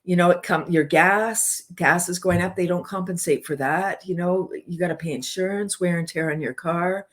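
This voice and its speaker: A woman's voice: lowish voice, normal speed, few pauses. A woman guest on a podcast, speaking with passion and enthusiasm and using many "like" fillers. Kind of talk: casual interview chat.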